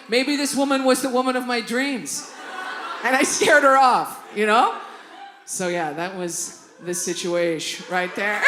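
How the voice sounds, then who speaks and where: A middle-aged woman performing a stand-up comedy set on a theatre stage, telling stories with sudden loud, high-pitched outbursts. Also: roomy sound, very noisy. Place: theatre stage before a live audience.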